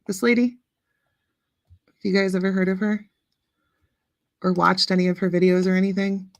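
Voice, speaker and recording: A livestream host in her late thirties chats casually with viewers and reads out their comments, with frequent ums. Her mid-range voice is monotone and brisk, recorded with no room sound.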